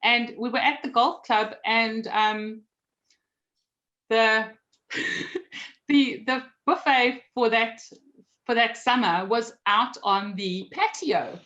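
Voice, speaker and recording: South African woman guest, higher voice, chatty and self-mocking, dull lo-fi recording. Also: slow pace, a bit bright. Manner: chatty, self-deprecating, laughs while telling stories. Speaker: guest, magazine publisher. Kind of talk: casual interview storytelling.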